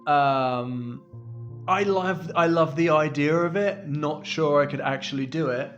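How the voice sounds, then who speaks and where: A chatty, self-deprecating middle-aged man from the UK answers viewer questions to camera with a slightly high voice. The recording sounds muffled and lo-fi, with faint music behind him. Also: measured pace, a bit bright. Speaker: vlogger. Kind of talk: casual chat to camera.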